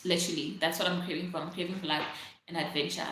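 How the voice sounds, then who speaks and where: A woman's voice: fairly low pitch, fairly even intonation, quick pace, fairly bright tone, a little hiss or hum. A young South African woman hosting a casual livestream, chatting loosely and reading out viewer comments, her talk full of "like" and "literally". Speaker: livestream host. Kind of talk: casual live-stream chat. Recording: very echoey room.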